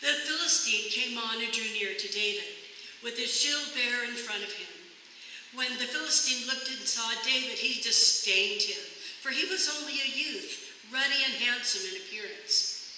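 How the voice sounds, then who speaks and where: Bright scripture reader in echoey church. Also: medium pitch, moderate pace, distant mic, slight background noise. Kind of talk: reading scripture aloud. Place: church sanctuary. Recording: echoey church hall from afar.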